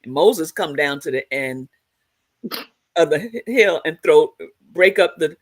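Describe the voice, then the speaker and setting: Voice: mid-range voice, lively intonation, a little slow. A co-host in a casual Bible discussion who tells stories with humor and acts out the quotes. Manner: laughing, storytelling with acted-out quotes.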